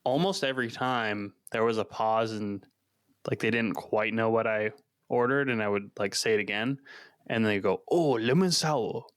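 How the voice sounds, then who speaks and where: A man's voice: on the low side, steady tone, normal speed, fairly bright tone, clean tone, no echo, clean studio sound. A man co-hosting a podcast, chatting casually in a laid-back, joking way. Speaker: podcast co-host. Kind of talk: casual chat.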